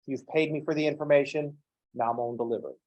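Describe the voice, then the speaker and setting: A man's voice: mid-range voice, steady tone, fast talker, darkish tone, highs cut off. A man teaching a college math class in a classroom, lecturing with wry jokes and playful asides.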